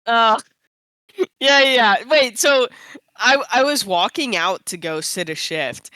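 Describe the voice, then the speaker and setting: A young woman tells a casual story on a podcast. Her voice is bright and crisp, and the sound is dry and close. She is animated and laughs often, and her voice jumps high when she quotes herself. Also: slow, no room sound. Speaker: podcast co-host.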